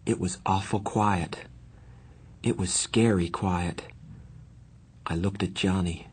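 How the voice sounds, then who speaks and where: A man reading a first-person novel aloud in steady, earnest audiobook narration. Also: low voice, slow, a little hiss or hum.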